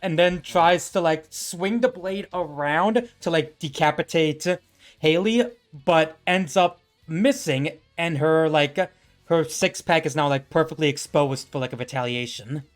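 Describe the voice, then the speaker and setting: A man's voice: a little high, measured pace, soft background music. A man running a tabletop game as game master, narrating a fight in rambling bursts full of fillers.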